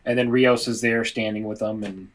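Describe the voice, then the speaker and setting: A man's voice: lowish voice, steady tone, moderate pace. A man co-hosting a podcast, thinking aloud with restarts as he offers his own take. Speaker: podcast co-host. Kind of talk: casual podcast discussion.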